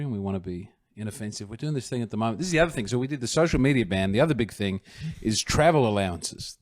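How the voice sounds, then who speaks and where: A man's voice: on the low side, darkish tone, no room sound, studio quality. A man with an Australian accent, arguing in mock-serious tones in casual comedy podcast banter. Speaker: podcast co-host.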